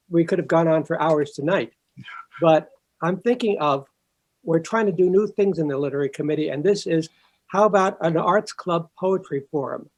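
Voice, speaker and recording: A man speaks over a video call as committee chair. He sounds earnest, with a slightly high voice, as he thanks the guest and announces plans for new events. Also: a little mellow, low-quality recording. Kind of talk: closing remarks at an online event.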